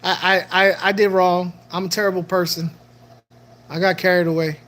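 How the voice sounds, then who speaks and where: An aquarium channel host chatting casually on a livestream, animated and joking, often repeating phrases. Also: mid-range voice, moderate pace.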